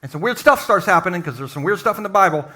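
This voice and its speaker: A male pastor preaching a sermon at a live church service, lively and joking, acting out quotes. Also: high-pitched, very fast.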